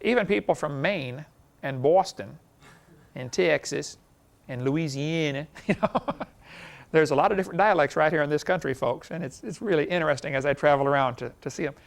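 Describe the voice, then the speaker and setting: A man teaches a class in a relaxed, folksy way, sprinkling in anecdotes and chuckling at his own jokes. His voice sits somewhat high and has a gravelly edge. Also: brisk. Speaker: lecturer.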